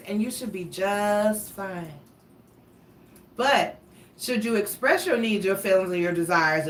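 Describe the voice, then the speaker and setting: A woman's voice: medium pitch, a bit bright. A blunt, chatty woman talks her way through a tarot and astrology reading, wandering into opinionated asides and casual swearing. She sits a little back from the microphone in a roomy, echoing space with a faint ambient hum underneath. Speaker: tarot reader. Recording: roomy, somewhat distant mic with faint ambience.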